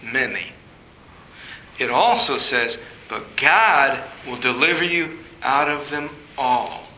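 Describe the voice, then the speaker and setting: A man preaching a sermon, telling a personal story and jumping higher in pitch when he acts out his younger self. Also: animated, slow, pushed and bright, echoey room, a little hiss or hum, rough recording. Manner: storytelling, rising high when acting out his past self.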